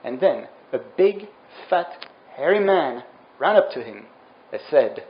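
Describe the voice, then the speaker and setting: Slow, melodramatic male storyteller. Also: a little high, very animated. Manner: over-dramatic, melodramatic swings. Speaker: narrator. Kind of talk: comedic dramatic reading. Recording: roomy, dull lo-fi sound. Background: music.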